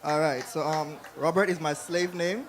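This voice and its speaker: Jamaican man doing stand-up, slightly high. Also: fairly even intonation, moderate pace, a loud crowd. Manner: loose, chatty, laughs at own jokes. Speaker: stand-up comedian. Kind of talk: stand-up comedy set. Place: comedy club stage. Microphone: corded handheld mic.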